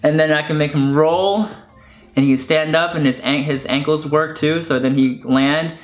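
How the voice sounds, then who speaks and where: A man's voice: on the high side, fairly even intonation, moderate pace. A young man chatting casually and with enthusiasm about his childhood toys, rambling with lots of fillers. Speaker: online video creator. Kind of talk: casual chat showing toys. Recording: echoey room with faint music.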